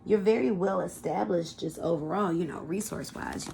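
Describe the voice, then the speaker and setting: A woman's voice: fairly low pitch, moderate pace, gravelly, warm tone, slight background noise. A woman giving a casual pick-a-card tarot reading, chatty and colloquial, talking straight to her viewers. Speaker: tarot reader.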